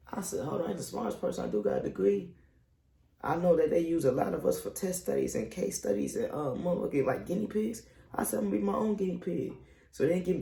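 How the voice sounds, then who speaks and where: Young guy in his 20s telling his story, gravelly, echoey room, cusses a lot, voice jumps way up when he quotes people. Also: a little mellow. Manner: candid and profane, acts out quotes with sudden jumps in pitch. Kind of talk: casual storytelling.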